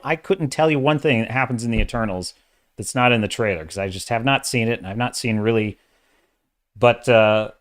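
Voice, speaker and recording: Animated, exasperated male commentary host. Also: mid-range voice. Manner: opinionated, exasperated, talks in bursts with restarts. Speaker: host of a sci-fi and fantasy commentary channel. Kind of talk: casual ranting commentary livestream.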